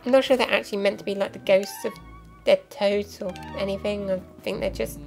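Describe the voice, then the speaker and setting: A young woman speaks briskly and steadily in a medium-pitched, darkish voice, giving casual let's play commentary that's chatty and explanatory, peppered with ums and asides. Game music runs clearly behind her on a low-quality recording.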